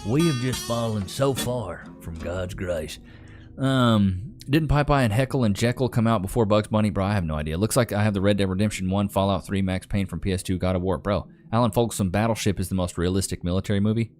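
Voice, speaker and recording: A man's voice: lowish voice, quick pace, darkish tone. A young man with a Texan Southern accent from Northeast Texas, casually chatting on a live stream and reading viewer comments aloud in a laid-back drawl. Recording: faint music in background.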